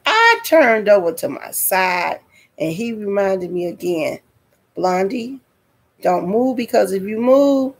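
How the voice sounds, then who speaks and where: Woman doing a storytime vlog, slow and dramatic, talks right to the viewers, gravelly voice. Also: medium pitch, big pitch swings. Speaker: vlogger.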